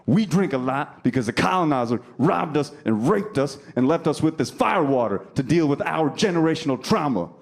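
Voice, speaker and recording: A man's voice: on the high side, lively intonation, fairly quick, creaky, few pauses, voice pushed up. A man voicing a rowdy, drunk Native American man who teases bluntly. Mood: indignant. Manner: brash, blunt teasing.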